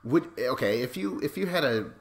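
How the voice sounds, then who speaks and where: A man's voice: lowish voice, sing-song, unhurried, a bit bright. A man hosting a podcast, giving casual, sarcastic commentary over a video and swearing freely. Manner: sarcastic, profane, frequent laughs.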